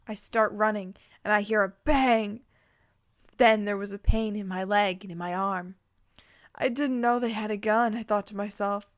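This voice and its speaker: A woman's voice: medium pitch, dry recording, studio quality. A young woman reading fan fiction aloud, breaking in with giggles and sarcastic asides. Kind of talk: dramatic reading with comic asides.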